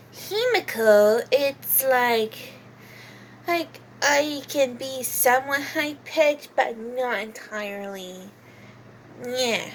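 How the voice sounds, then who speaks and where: A woman's voice: fairly high pitch, slight background noise. A woman chatting casually and hesitantly about how she voices game characters, giggling often. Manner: hesitant and giggly, many fillers. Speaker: channel host. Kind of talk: casual voice-acting demo.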